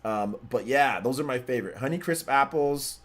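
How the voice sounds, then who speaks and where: A young man hosting a gaming livestream. He chats casually, reads out donations and viewer questions, and repeats himself in relaxed slang. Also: medium pitch, normal speed. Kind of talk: casual live-stream chat, reading donations and chat.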